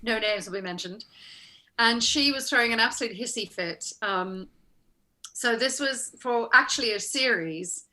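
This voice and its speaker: A woman from South Africa, an actress being interviewed over a video call, chatting casually and telling animated stories with frequent laughter. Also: medium pitch. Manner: chatty, animated storyteller who laughs often. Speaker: actress guest.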